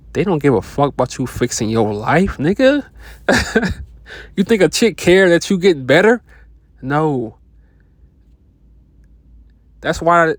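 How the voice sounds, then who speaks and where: A man talks in a loose, unscripted monologue, blunt and profane, dropping slang and brief laughs between his points. His voice sits at an ordinary middle pitch. The sound is dry and close, with no room echo. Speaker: self-help vlogger. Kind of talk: casual motivational monologue.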